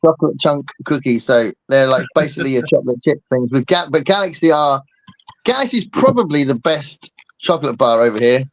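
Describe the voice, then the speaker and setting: A man's voice: mid-range voice, lively intonation, fairly quick, no room sound, highs cut off. A man hosting a casual chat, rambling and joking with lots of fillers. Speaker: host.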